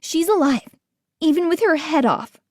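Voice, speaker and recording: An excitable, stubborn boy who insists he is right, voiced by a woman reading an audiobook. His voice sits high and pushes forward with urgency. He sounds fully convinced of himself. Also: moderate pace, no echo, studio quality. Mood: insistent.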